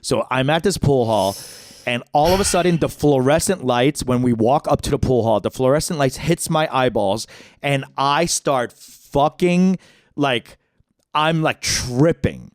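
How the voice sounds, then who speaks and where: A man and podcast co-host telling a comedic story, animated, jumping into high-pitched quoted voices. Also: unhurried, no room sound.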